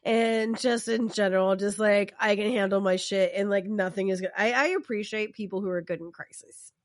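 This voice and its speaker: A woman's voice: mid-range voice, steady tone, moderate pace, no room sound. Chatty middle-aged woman, dry close sound. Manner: chatty, rambling, lots of fillers. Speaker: podcast co-host. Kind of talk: casual chat recapping a TV episode.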